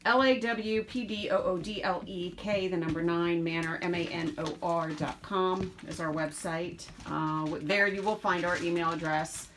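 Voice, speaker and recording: A woman's voice: on the low side, steady tone, normal speed, few pauses, fairly bright tone. A woman dog breeder chatting casually while showing her puppies, slipping into baby talk with them. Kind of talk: casual vlog narration. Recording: background noise.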